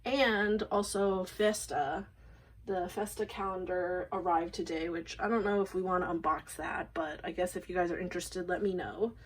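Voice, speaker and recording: A woman's voice: fairly low pitch, steady tone, moderate pace, slightly rough, poor audio. A woman filming a casual unboxing vlog, gushing and rambling, emotional and shaky, often apologizing. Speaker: vlogger unboxing photocards. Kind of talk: casual excited unboxing talk.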